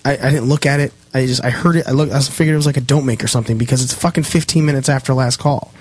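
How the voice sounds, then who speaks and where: A man's voice: medium pitch, racing, slightly rough. A young man telling a heated, profanity-filled story on a casual podcast. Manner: heated, swears constantly, animated retelling.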